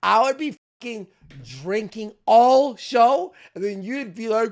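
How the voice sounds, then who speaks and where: A man's voice: extremely high pitch, animated, unhurried. A man hosting a livestream, exasperated and cursing, laughing in frustration at his co-host. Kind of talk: casual livestream banter.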